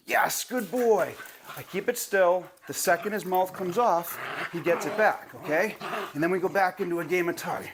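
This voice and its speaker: Easygoing male dog trainer, slightly high voice. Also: a bit bright, slight background noise. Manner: talks to the viewer and praises the puppy in a high, drawn-out voice. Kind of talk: casual instructional video. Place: training a puppy, moving around.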